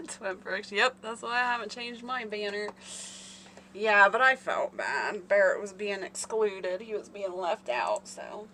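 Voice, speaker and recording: A woman's voice: mid-range voice, animated, slow, pushed and bright, a little hiss or hum. A woman hosting a casual live stream, rambling and chatting with her viewers by name. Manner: chatty, rambling, talks to chat readers by name.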